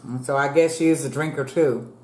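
A woman's voice: rumbling low, steady tone, fairly quick, a little mellow. A woman in her fifties chatting casually with viewers while she eats, calling them "y'all" and praying aloud. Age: 50s. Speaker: food vlogger. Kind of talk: casual eating chat to viewers. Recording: echoey room.

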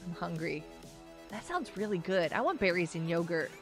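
Her voice sits on the lower side but swings widely in pitch, and she talks at a normal speed. The woman runs a casual gaming livestream, giggling frequently as she chats with viewers and reads their messages. Soft background music plays.

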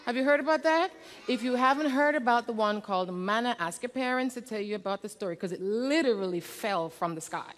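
Lady telling kids a story at church, kinda high voice, lots of questions to the kids, big echoey hall. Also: brisk. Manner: animated, often quizzes the children. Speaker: children's storyteller in a church service. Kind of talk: storytelling to children. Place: church sanctuary.

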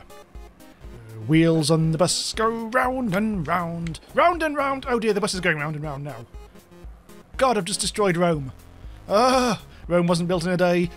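A man giving excitable, exclamatory commentary over a game, yelping and swearing at what happens on screen. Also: high voice. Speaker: gameplay video host.

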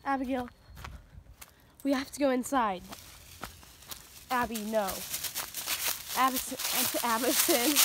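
Girl vlogging on her phone, kinda high voice, rambly and chatty, lots of um and like. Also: steady tone, slow pace, long pauses, a bit bright, a little hiss or hum. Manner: rambling, chatty, full of fillers. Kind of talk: casual vlog chat. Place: outdoors on a porch at night. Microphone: phone camera.

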